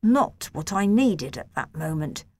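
Woman reading a kids' book out loud, slow and gentle, measured. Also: low voice, big pitch swings. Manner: gentle, measured, first-person storytelling. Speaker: audiobook narrator. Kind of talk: reading a children's novel aloud.

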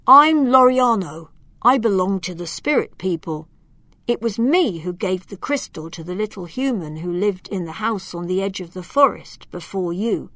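A woman voicing a gentle wounded male elf. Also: mid-range voice, animated, moderate pace, dry recording, natural voice. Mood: earnest. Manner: pleading, urgent.

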